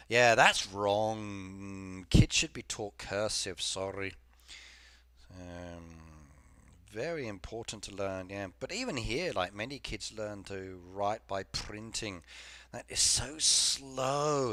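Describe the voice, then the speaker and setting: A man's voice: fairly low pitch, bright, forceful tone, no room sound, studio quality. A man chatting casually with viewers on a game live stream, rambling from topic to topic and reading comments aloud. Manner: frequent fillers and repeated yeses.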